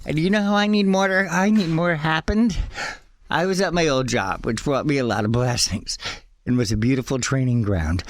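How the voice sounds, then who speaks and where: A man being interviewed as a guest, telling his story with animated, breathless enthusiasm and acting out the voices in it. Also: on the high side, normal speed, no room sound. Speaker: guest, clothing store owner.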